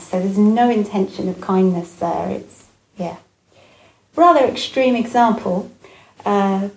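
A woman giving a Buddhist dharma talk, gentle and reflective, with frequent pauses and fillers. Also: mid-range voice, vocal fry, slight background noise. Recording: echoey room with faint ambience.

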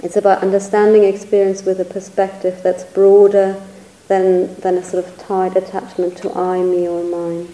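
In this poor-quality, reverberant recording, a woman with a mid-range, dark voice speaks in a monotone at a normal pace. She's a teacher giving a reflective dharma talk, hunting for words and frequently hedging with "sort of."

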